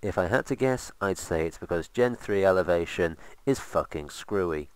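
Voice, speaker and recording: A man's voice: low-pitched, animated, moderate pace, smooth. A man casually commentating while playing a game, rambling with sarcastic asides. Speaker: let's play host.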